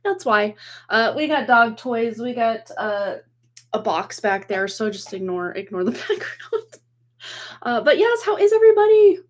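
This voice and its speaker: A woman in her forties, a tarot reader hosting a livestream from home, chatting casually, rambling with many fillers and frequent laughs, her voice slightly hoarse from a cold. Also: on the high side, big pitch swings, unhurried. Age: 40s. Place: home room with dog toys and boxes behind. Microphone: computer webcam.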